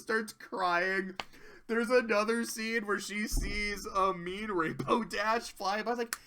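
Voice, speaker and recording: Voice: medium pitch, fairly even intonation, unhurried, pushed and bright. A commentator casually recapping cartoon episodes, rambling, swearing freely and laughing often.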